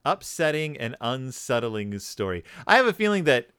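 Man, podcast co-host, casual joking chat, lively swooping pitch, dry close sound. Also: normal speed, clean tone, no echo. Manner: joking, rambling, playful.

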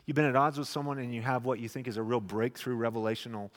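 A man preaching a sermon, dramatic, acting out the quotes loudly and then dropping to a hush. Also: mid-range voice, steady tone, fast. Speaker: pastor. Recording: long echoing reverb of a large hall.

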